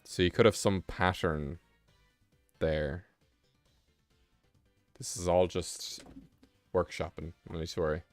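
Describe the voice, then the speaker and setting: A man's voice: low-pitched, steady tone, takes it slowly, long pauses, no room sound, faint music behind. A man hosting a live stream, reading text aloud in a rambling, offhand way and breaking off for casual asides. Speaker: livestream host.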